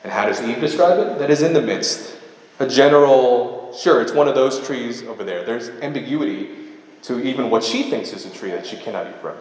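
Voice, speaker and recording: A man with a medium-pitched, expressive, somewhat mellow voice preaches a sermon at a brisk pace, reading scripture aloud and pausing to explain each line. The hall is very echoey, with long reverb.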